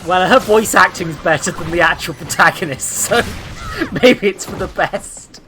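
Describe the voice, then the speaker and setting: A woman's voice: on the low side, animated, measured pace, music in the background. A woman streaming live, reacting casually with swearing, laughter, and sarcastic remarks.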